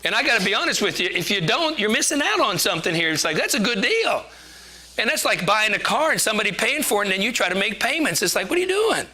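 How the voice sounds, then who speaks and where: A man's voice: sits high, sing-song, fast talker, sharp tone. A man giving a conversational sermon, chatty and joking, laughing at himself as he preaches.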